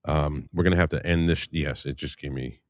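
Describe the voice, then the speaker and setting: A man's voice: rumbling low, fairly even intonation, a little fast, no room sound, clean studio sound. A man hosting a live stream, chatting casually and telling loose, profane stories to his viewers. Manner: loose, rambling and profane storytelling. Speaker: livestream host. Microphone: streaming microphone.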